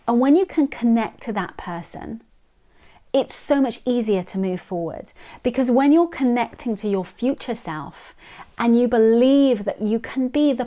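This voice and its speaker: A woman's voice: on the high side, mellow. A woman giving an earnest, encouraging motivational talk, coaching the listener and repeating key phrases.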